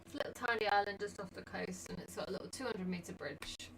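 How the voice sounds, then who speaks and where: A woman's voice: medium pitch, quick pace, creaky, a bit bright. A woman with an English accent co-hosting a casual chat, talking in an easygoing, rambling way. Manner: easygoing, rambling, laughs easily. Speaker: co-host of a dance channel Q&A. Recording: distant mic with background noise.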